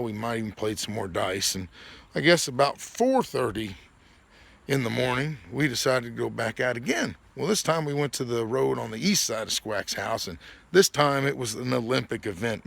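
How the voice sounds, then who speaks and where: A man's voice: medium pitch, vocal fry, fairly bright tone. A man hosting his own podcast, telling a rambling, profane story and laughing through it. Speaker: podcast host. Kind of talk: casual storytelling monologue.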